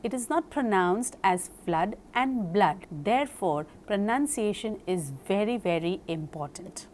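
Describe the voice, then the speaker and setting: A woman giving a recorded lecture on speaking skills. She talks slowly and deliberately and spells words out letter by letter. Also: medium pitch.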